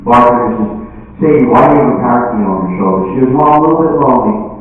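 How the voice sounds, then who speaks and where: A man's voice: medium pitch, soft background music. A man performing stand-up comedy for seniors, delivering punchy jokes and briefly voicing the characters in them. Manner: punchy joke delivery with quick voiced characters. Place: room at a senior living community. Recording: echoey hall, distant mic, phone-like sound.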